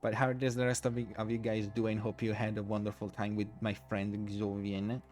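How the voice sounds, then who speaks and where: A man streaming a game live, chatting in a rambling, giggly, apologetic way, tired and low on energy. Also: completely flat delivery, normal speed, darkish tone, soft background music. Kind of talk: casual live-stream chat.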